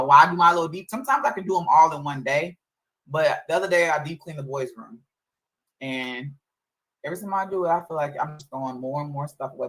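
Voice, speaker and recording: A woman's voice: deep voice, fairly bright tone, low-quality recording. A woman streaming live as a mother, venting casually about her kids and chores. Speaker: livestreamer mother. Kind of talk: casual livestream chat.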